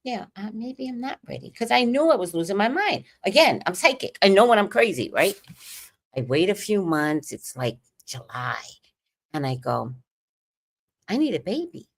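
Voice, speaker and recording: A woman host telling a candid personal story on a livestream, animated and profane, swinging between loud emphasis and hushed asides. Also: mid-range voice, moderate pace, vocal fry.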